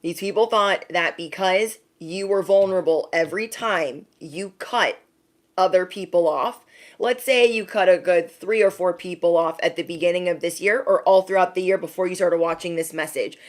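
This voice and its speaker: A woman's voice: fairly low pitch, moderate pace. A woman giving a spiritual tarot reading to camera, chatty, calling the listener bestie and slipping into exaggerated voices for people she quotes. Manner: chatty, calls the viewer bestie. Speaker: tarot card reader.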